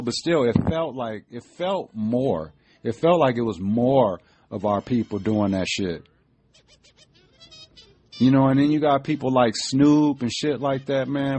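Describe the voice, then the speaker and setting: Emphatic middle-aged man, cussing freely. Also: medium pitch. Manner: emphatic, profane, conversational with frequent fillers. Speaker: podcast host. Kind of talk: casual political commentary.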